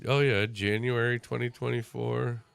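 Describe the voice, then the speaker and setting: A man's voice: mid-range voice, flat delivery, moderate pace, creaky, clean tone, dry recording. A man hosting a casual livestream and chatting while he watches a hockey game, telling crude stories with a joking manner. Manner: joking, tells crude stories, laughs often. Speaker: livestream host.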